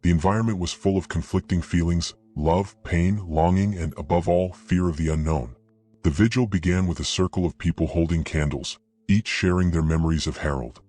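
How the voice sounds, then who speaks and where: Deep husky male horror narrator. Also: fairly even intonation, moderate pace, warm tone. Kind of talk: scripted narration.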